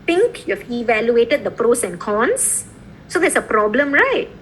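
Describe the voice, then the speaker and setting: On a low-quality recording with faint hiss, a woman lectures a law class with lively energy. Her voice leans high and moves widely in pitch, and she constantly checks in with students using "okay?" and "right?".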